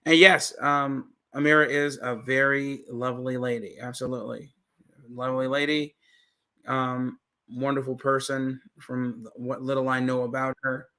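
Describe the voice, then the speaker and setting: A man's voice: mid-range voice, little pitch movement, moderate pace, pushed and bright. A man hosting a livestream, chatting casually in a laid-back way. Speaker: livestream host.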